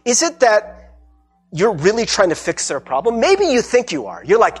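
Animated husky-voiced man preaching. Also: high-pitched, normal speed, soft background music. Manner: animated, acts out everyday dialogue with repeated "right?". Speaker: pastor. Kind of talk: conversational sermon.

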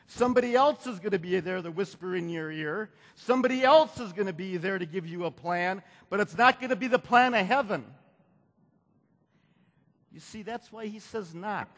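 A man's voice: high voice, lively intonation, normal speed, a bit bright. A man preaching a sermon who repeats phrases, builds to emphatic peaks, and calls for the congregation to answer. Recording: long hall reverb.

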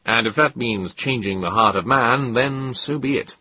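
A man voicing an earnest, persuasive middle-aged male government official in an audiobook, lecturing in a husky voice. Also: medium pitch, normal speed, no room sound, close to an everyday voice. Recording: dull lo-fi dry audiobook.

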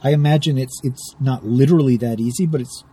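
A man co-hosting a casual podcast, joking and playful, with a husky voice. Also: mid-range voice, brisk, mellow. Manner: jokey, playful. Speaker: podcast co-host. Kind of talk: casual chat.

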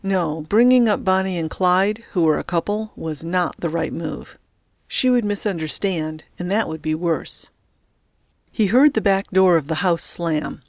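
A woman narrates a story in a steady, even voice that sits on the low side. The recording is close and dry, with no room sound. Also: no room sound. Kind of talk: audiobook narration.

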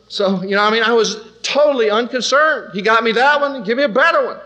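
A man tells a testimony in sermon style, animated and acting out the voices of other people. His voice is fairly high and bright. The delivery has a forceful edge. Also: brisk, muffled recording. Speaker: preacher telling a testimony. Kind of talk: storytelling sermon.

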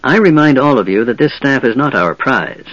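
A man voicing a calm, wise half-elf leader who speaks in a measured, firm way. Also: medium pitch, dry recording, muffled recording.

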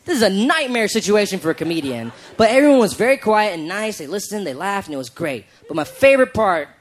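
A male stand-up comedian telling an animated story onstage, laughing and shouting the punchlines. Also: high-pitched, quick pace. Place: comedy stage before a live audience.

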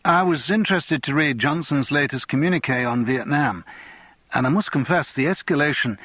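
A man's voice: a little high, moderate pace, husky, no room sound, dull audio, pitched above the performer's own voice. A man playing a nervous young politician who speaks stiffly and formally.

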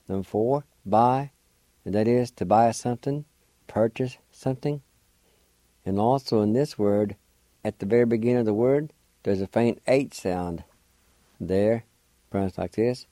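A man hosting a radio language lesson, spelling and sounding out words syllable by syllable in a slow, deliberate way. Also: on the low side, warm tone, no room sound. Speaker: language teacher and radio host.

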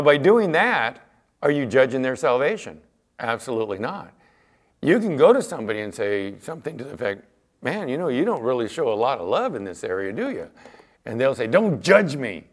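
Chatty storytelling pastor, man. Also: medium pitch. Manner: chatty storyteller, acts out quoted exchanges, fillers like "you know". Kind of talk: conversational sermon with anecdotes.

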